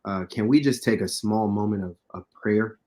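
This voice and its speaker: An American man co-hosting a sports podcast, earnest and halting, clearing his throat as he speaks. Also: on the low side, a little mellow. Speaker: podcast co-host. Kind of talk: casual podcast talk and spoken prayer.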